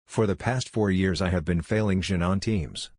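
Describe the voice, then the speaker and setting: A man voicing a calm, measured male ninja teacher. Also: low-pitched, no room sound, clean studio sound. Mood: earnest.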